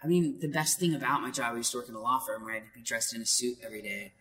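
Light-voiced man telling animated stories. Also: in a large hall, slight background noise, rough recording. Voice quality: light, high male voice. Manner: animated, laughing, quick asides. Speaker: voice actor. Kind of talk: casual interview storytelling.

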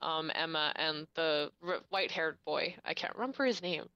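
A woman with a bright, forceful voice that comes across smooth and crisp, chatting casually and eagerly retelling a plot. Her voice is slightly low for a woman, and the sound is dry and close with little room echo. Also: moderate pace, highs cut off. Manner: chatty, animated plot recap. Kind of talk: casual chat.

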